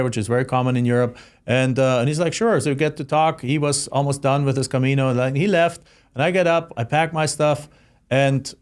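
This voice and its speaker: A middle-aged man with a German accent hosts a reflective solo monologue. He speaks heartfelt and halting, often starting a phrase over before finishing it. His pitch sits in the ordinary middle range for a man. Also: a little mellow. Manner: heartfelt, halting, many restarts. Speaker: host.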